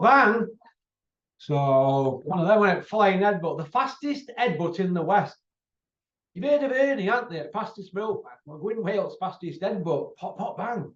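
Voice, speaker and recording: Man, boxing vlogger, blunt mocking banter, higher pitch; distant echoey room, dull audio. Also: darkish tone. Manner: blunt, mocking banter, addressing people by name. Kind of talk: off-the-cuff rant to camera. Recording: roomy, distant, dull sound.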